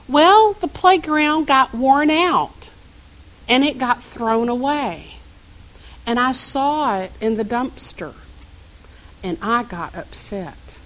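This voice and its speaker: A woman minister delivers a sermon at an unhurried pace, her voice sitting a little high. She tells stories and turns to the congregation with questions. She sounds middle-aged. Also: animated, a bit bright, poor audio. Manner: storytelling, asks the congregation questions.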